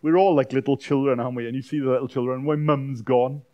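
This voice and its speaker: A man preaching a sermon as a pastor, swinging from loud dramatic outbursts to quiet, intimate lines. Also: mid-range voice, steady tone, quick pace, highs cut off. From Wales. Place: church weekend-away gathering.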